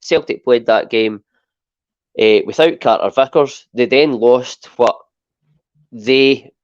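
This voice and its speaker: A Scottish man co-hosting a football podcast, talking in an animated, emphatic way and often tagging points with "right?". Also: medium pitch, slow pace, clear, resonant tone, dry recording, dull audio. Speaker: podcast co-host. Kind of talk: casual football chat.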